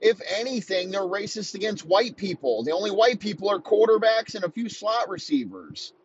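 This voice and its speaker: A man in his thirties delivering a heated, profane comedic rant, talking in rapid-fire bursts. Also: high-pitched, expressive, dull audio, slight background noise. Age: 30s.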